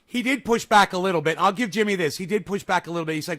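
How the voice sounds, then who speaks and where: High bright-voiced man ranting sarcastically. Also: fast talker. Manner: sarcastic, swings into yelling rants. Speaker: streamer reacting to a video. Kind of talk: casual reaction commentary.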